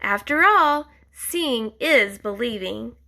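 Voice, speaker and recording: Casting: woman doing an eager storybook boy, high and bright, crying out. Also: slow, vocal fry, full character voice. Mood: excited. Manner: excited cries. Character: eager young boy on a dragon hunt. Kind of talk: picture book read-aloud.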